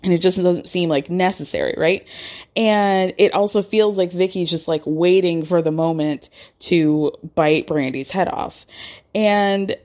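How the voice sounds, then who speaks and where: A woman's voice: fairly low pitch, a little slow, darkish tone. A woman casually recapping reality TV, chatty and gossipy, laughing often and acting out quotes. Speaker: podcast host recapping reality TV. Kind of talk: casual chat.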